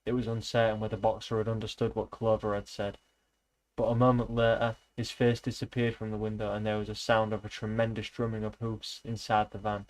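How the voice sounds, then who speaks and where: A man's voice: lowish voice, monotone, brisk, low-quality recording. A man reading a novel aloud in a loose, casual way, with slips and restarts. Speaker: reader, streamer.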